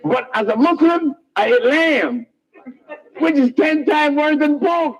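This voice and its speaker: A man telling his life story in a rambling, animated way, often laughing at his own remarks. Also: extremely high pitch, slow pace, some chatter behind, rough recording.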